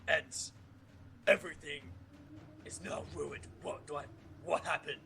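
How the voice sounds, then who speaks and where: A man voicing a blunt, vengeful male ogre pig farmer in short, low-key in-character lines. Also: fairly even intonation, unhurried, vocal fry, bright, forceful tone, soft background music, full character voice. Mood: lost.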